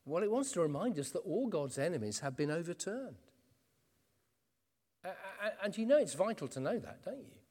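A man's voice: high voice, sing-song, moderate pace, warm tone. A man preaching an earnest expository sermon. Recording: long reverb in a church hall.

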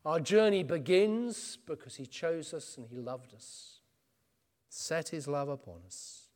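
A man's voice: on the high side, lively intonation, measured pace, darkish tone. A man preaching an earnest expository sermon. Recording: long reverb in a church hall.

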